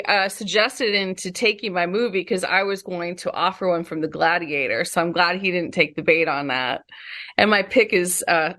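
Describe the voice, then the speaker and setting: A woman's voice: mid-range voice, fairly bright tone. A woman co-hosting a podcast in casual chat, giggly and playful. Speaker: podcast co-host.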